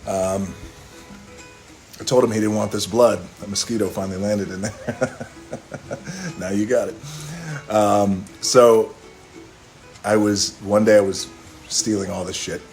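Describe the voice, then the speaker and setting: A man's voice: lowish voice, steady tone, a little slow, pauses often, a little mellow, faint music behind. A man hosting a phone live stream, telling a casual, profane story with chuckles along the way. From Hawaii. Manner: loose, profane, chuckling anecdotal delivery.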